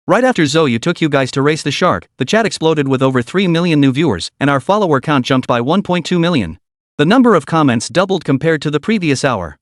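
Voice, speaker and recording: Over a dry, close recording, a man narrates a story recap. His pitch sits a little high, and it moves around a great deal as he reads the scripted lines. The delivery has the steady pull of a storyteller keeping listeners hooked. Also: a little fast, no room sound.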